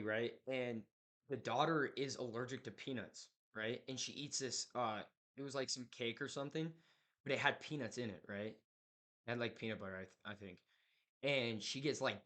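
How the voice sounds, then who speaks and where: Young man, casual chat, rambling, filler-heavy, slangy, mid-pitched. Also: fairly bright tone. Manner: rambling, full of "like" and "right?", slangy. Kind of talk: casual chat retelling a horror movie.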